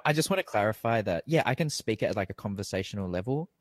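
Chatty young man, lively pitch. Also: quick pace, no echo. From Australia. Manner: chatty, rambling, many fillers and self-corrections. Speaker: guest actor. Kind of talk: casual chat.

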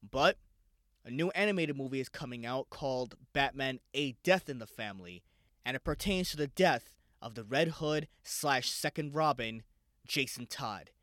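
Guy hosting his own podcast, swears a lot, rambly, mid pitch, dry close sound. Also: expressive, normal speed, fairly bright tone, no echo. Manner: profane, loose and rambling. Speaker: podcast host. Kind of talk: casual solo podcast rambling.

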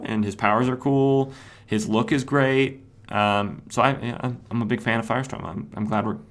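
A man's voice: medium pitch, a bit bright. A man hosting a podcast, casually recapping stories, rambling with lots of "uh" fillers and self-corrections. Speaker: comics podcast host.

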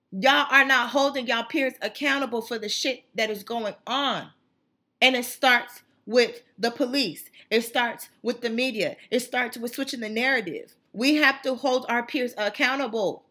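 Woman w/ going off on a fiery rant, kinda high, bit husky. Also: bright, forceful tone. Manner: fiery, emphatic, repetitive. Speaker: channel host. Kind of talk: impassioned monologue.

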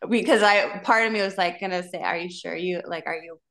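A woman singer guesting on a podcast, telling stories in an animated, giggly way and acting out the quotes of other people. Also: lowish voice, a little fast, poor audio. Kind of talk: casual storytelling chat.

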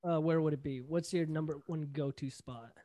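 A man's voice: on the high side, steady tone, normal speed, mellow, no echo. A young man with a Toronto accent, co-hosting a podcast in slangy, rambling casual chat. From Toronto, Canada. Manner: slangy, rambling, full of fillers. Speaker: podcast co-host.

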